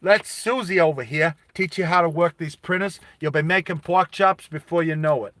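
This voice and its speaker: A man's voice: a little high, normal speed, a bit bright, no room sound, natural voice. An Australian man voicing a big, older male robot foreman who smokes cigars, a tough but kindly boss with blunt, streetwise talk. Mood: reassuring.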